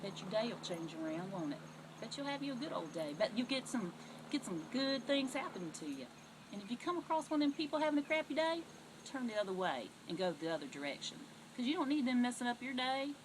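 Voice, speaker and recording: A middle-aged Southern US woman telling stories as a comic talk show host, her voice sitting fairly high and swooping widely up and down. She speaks in a folksy, animated way, with a faint hiss of noise behind her. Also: rough recording. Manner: folksy, animated storytelling with sudden loud outbursts. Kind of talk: comedic monologue to camera.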